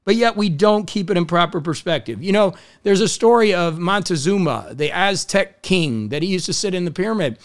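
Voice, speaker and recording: A middle-aged man with a high, gravelly voice delivers a motivational talk. He is upbeat and enthusiastic, and he moves easily from advice into stories. Now and then he acts out the people in those stories. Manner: energetic, enthusiastic, storytelling with acted quotes. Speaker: motivational speaker.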